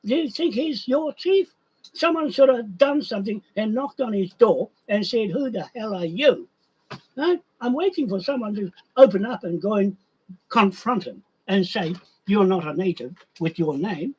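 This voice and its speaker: A man's voice: sits high, animated, moderate pace, darkish tone, husky, highs cut off. An older man, ranting in a rambling monologue and repeating himself. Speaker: vlogger.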